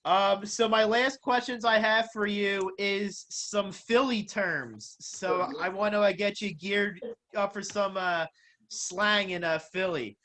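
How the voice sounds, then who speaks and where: A man's voice: high voice, slow, pushed and bright. A man interviewing a guest casually, playfully quizzing him on local slang.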